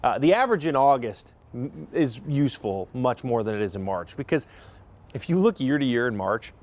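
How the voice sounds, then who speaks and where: A man's voice: medium pitch, very animated, normal speed, darkish tone. A male meteorologist giving a chatty TV weather forecast, rambling into asides and correcting himself as he goes.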